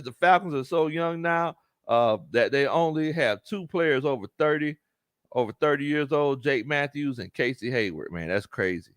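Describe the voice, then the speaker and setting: This sports host and coach has a mid-range voice and runs a casual livestream where he reads viewer comments aloud. He laughs often, uses Southern slang, and reacts with animation. The sound is studio quality with no echo.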